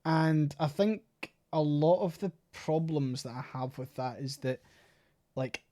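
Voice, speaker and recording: A man's voice: on the high side, unhurried, mellow. A Scottish man co-hosting a podcast in casual, rambling chat, swearing now and then and saying "like" a lot. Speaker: podcast co-host.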